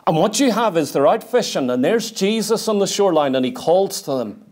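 A man's voice: high voice, lively intonation, a little fast, a little mellow. A man preaching a sermon in church, earnest and emphatic, repeating his key points and reading scripture aloud. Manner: reads scripture aloud in King James wording.

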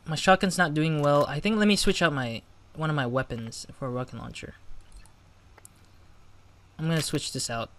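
A man's voice: a little high, moderate pace, long pauses, fairly bright tone, slight background noise. A man hosting a gaming channel, giving casual let's-play commentary, chatty and flustered when he loses.

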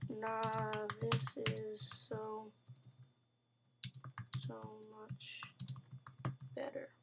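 Brief: young woman, high voice, unhurried, excitable gamer commentary, faint typing behind. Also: heavy background noise. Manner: chatty and excitable, with sudden outbursts and mock growls. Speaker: gamer narrating gameplay. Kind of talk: casual let's-play commentary.

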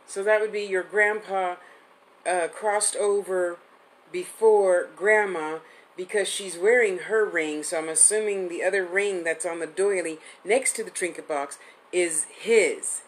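A woman's voice: lowish voice, steady tone, a little slow, poor audio. A woman in her fifties giving a live-streamed psychic reading, chatty and affectionate, rambling with restarts. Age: 50s. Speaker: psychic medium host.

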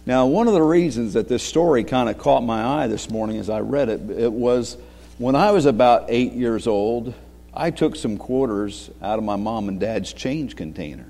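A man giving a children's sermon as pastor, speaking gently, asking the kids questions and chuckling often. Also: medium pitch, animated, moderate pace, gravelly. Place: church sanctuary. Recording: long reverb of a church sanctuary.

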